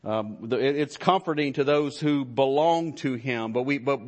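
Man, pastor, sermon, slow pace, halting with fillers, emphatic build, church. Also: mid-range voice. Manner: halting, many fillers and restarts, rising to emphatic fervor.

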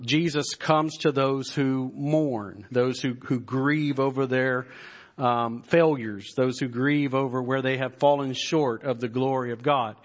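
A man preaching a Sunday sermon, reading psalms aloud and repeating words as he builds to fervent emphasis. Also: medium pitch. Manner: slow and deliberate, rising to fervent emphasis when reading psalms; repeats words while searching. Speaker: pastor.

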